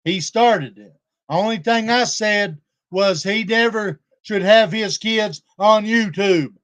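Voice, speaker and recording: Slow and a little bright, this man's high voice carries his casual livestream talk. The YouTube streamer sounds aggrieved and confrontational, addressing both a rival and his viewers.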